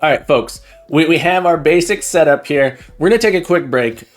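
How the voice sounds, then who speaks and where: A man hosting a live coding stream, chatting excitedly and jokingly with viewers, often repeating words and restarting his sentences. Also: fairly high pitch, moderate pace, soft background music. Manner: laughs often and jokes with chat. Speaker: livestream coding host. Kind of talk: casual live-stream chat while coding.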